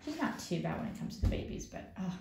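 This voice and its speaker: A woman's voice: on the low side, very animated, quick pace, vocal fry. A woman breeder chatting casually about her kittens indoors, cooing and trailing off as she forgets names. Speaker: cat breeder. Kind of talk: casual vlog chat. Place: indoor room at home cattery. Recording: roomy echo, faint noise.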